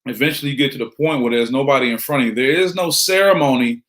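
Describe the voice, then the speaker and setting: Talking fast in a fairly bright, medium-pitched voice, this middle-aged man gives a preachy motivational speech. Rhetorical questions come often, and he addresses listeners by name.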